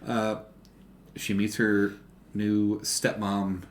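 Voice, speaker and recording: A man's voice: on the low side, level tone, extremely slow, a little hiss or hum. A man co-hosting a movie review podcast, steadily summarizing the plot with many fillers. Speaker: podcast co-host. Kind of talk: casual movie review chat.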